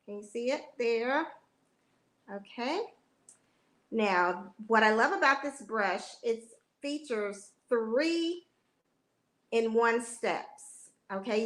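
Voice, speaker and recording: Woman consultant, slightly high voice, unhurried delivery, friendly demo. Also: a bit bright. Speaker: beauty consultant. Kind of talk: product demonstration.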